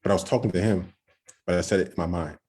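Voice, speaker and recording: A young man telling a personal story on a podcast, excited and nervous, acting out what others said and checking in with "right?". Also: deep voice, quick pace, breathy edge. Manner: excited, acts out quoted voices, frequent "right?". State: nervous, shaking. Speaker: podcast guest. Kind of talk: storytelling testimony.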